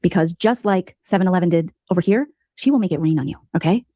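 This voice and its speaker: A woman giving sarcastic, mocking gossip commentary as a streamer, telling the story in an animated way. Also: lowish voice, quick pace, no echo.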